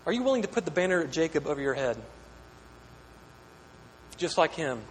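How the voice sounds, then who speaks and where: A man's voice: on the high side, sing-song, brisk. A pastor preaching a sermon, earnest and questioning, often repeating words as he builds a point. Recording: echoey hall with long reverb, faint hum.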